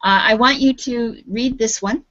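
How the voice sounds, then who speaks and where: This woman, speaking with a Canadian accent, has a slightly high, fairly bright voice and talks at a normal speed. She's running an English lesson on a video call and patiently prompts her students, all captured in dull lo-fi call audio.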